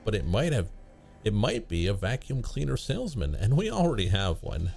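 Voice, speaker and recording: A man's voice: on the low side, wildly swooping pitch, normal speed, vocal fry, a little mellow, faint music behind, full character voice. A man voicing a prim, cheerful middle-aged mother with a matter-of-fact way of talking, read aloud from a game.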